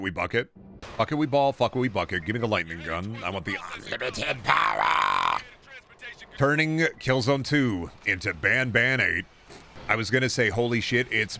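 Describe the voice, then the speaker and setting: A man's voice: fairly low pitch, pushed and bright, slight background noise. A man streaming a video game, rambling through sarcastic commentary with mock-folksy asides. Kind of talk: casual gameplay commentary.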